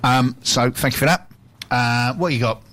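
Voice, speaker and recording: A man's voice: mid-range voice, normal speed, fairly bright tone. A man co-hosting a casual radio chat show, a jokey storyteller who laughs often. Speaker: radio co-host.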